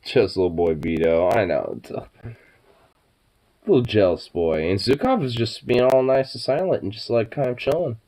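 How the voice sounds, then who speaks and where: A man's voice: fairly low pitch, lively intonation, normal speed, warm tone. A young man chatting late at night to his pets, stoned and sleepy, cooing baby talk, swearing, laughing often. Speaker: vlogger.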